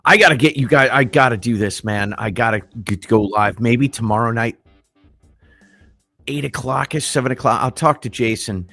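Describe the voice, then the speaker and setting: A man's voice: medium pitch, normal speed, sharp tone, no room sound, faint music behind. A middle-aged man from Illinois chatting loosely on a livestream, rambling and swearing freely. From Illinois, United States. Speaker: livestream co-host. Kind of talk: casual livestream chat.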